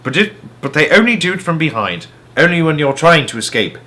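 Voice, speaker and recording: A man voicing a cheerful, scheming father who poaches, in a children's book read-aloud, telling tales with lively, boastful relish. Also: a little high, a little fast, pitched above the performer's own voice. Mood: teasing.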